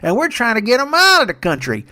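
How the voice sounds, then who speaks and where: A smug older politician who calmly talks his way around anything in a folksy, self-justifying drawl, as a male comedian puts him on. The voice rides higher than the comic's own and has a changed, distant timbre. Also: fast, heavily acted.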